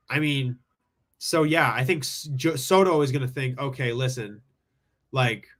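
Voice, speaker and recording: A man's voice: medium pitch, sharp tone. A man hosting a live call-in sports show, rambling through his takes with lots of "like" and restarts. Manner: rambling, thinks aloud with many "like"s. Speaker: sports talk show host. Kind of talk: casual live sports talk. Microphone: streaming from home with screen share.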